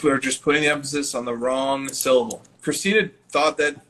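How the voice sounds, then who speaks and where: A man's voice: mid-range voice, steady tone, brisk, fairly bright tone. A man co-hosting a podcast in casual chat, joking and laughing often. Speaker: podcast co-host.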